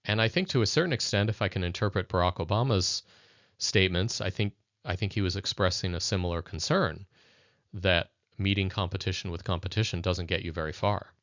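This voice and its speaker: Deep-voiced man giving a reflective lesson. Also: brisk, a bit bright, no echo. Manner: thoughtful, addresses viewers directly. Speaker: educator. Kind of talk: conversational video lesson. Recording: dull lo-fi dry recording.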